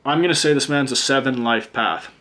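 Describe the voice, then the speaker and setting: This man talks a little fast in a medium, slightly bright voice. He's a tarot reader and teacher doing a casual pick-a-card reading, blunt and chatty, cursing freely and wandering off into rants.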